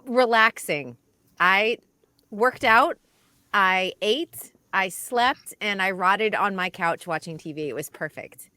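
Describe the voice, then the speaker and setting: A woman with a New England accent co-hosting a radio show, chatting in an animated way and laughing easily. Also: mid-range voice, slow, no room sound. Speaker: radio co-host. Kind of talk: casual studio chat.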